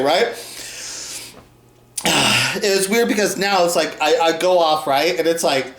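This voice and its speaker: A man rambling in a profane monologue for his own video. He often tacks "right?" onto his sentences and laughs between thoughts, swinging from loud outbursts to low mutters. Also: measured pace. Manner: rambling, profane, keeps adding "right?" and "and shit". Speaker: video maker. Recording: roomy echo.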